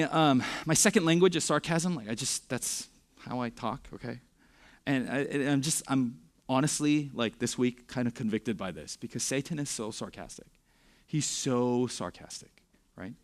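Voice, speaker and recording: A young man preaching a youth sermon in a conversational way, with frequent "right?" check-ins and sarcastic asides. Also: a little high. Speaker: youth pastor.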